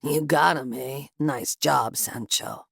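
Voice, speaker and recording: Woman doing a gravelly Puerto Rican gang boss. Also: very deep voice, fairly bright tone, no room sound, clean studio sound, full character voice. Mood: gloating. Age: 40s. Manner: slow, growling menace. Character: gravelly menacing middle-aged male gang boss.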